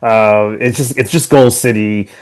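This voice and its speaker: A man's voice: fairly low pitch, steady tone, a little slow, a little mellow, smooth. A man co-hosting a football podcast in casual chat, rambling with many fillers and restarts. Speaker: podcast co-host.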